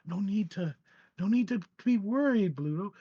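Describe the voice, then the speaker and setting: A man's voice: sits high, animated, moderate pace, husky, dry recording, muffled recording. A man voicing a grinning, menacing male clown villain hosting a game show, taunting in a mock-soothing way.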